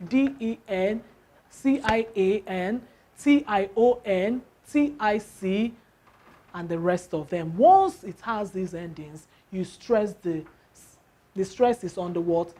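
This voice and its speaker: A woman teaching word stress in an unhurried way. She spells endings out letter by letter and keeps asking the class questions, then answers them herself. Her pitch sits in the middle range. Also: expressive. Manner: slow, spells out letters, asks rhetorical questions.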